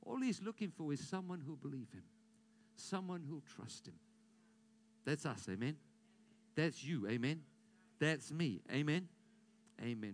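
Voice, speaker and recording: A pastor preaches a sermon, leading his congregation in call-and-response declarations and alternating between loud, impassioned calls and hushed prayer. His voice is fairly high with lively intonation, and he speaks a little slowly, leaving long pauses.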